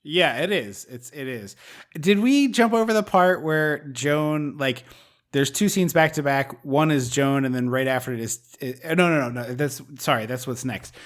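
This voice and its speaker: A man co-hosting a podcast, chatting casually about a film in an animated, rambling way with many restarts. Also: medium pitch, normal speed. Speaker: podcast co-host. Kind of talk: casual movie discussion.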